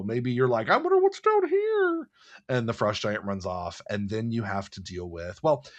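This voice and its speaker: Animated rambling man podcasting. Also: medium pitch. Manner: rambling, animated, laughing a lot. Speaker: podcast co-host. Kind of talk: casual chat about a role-playing module.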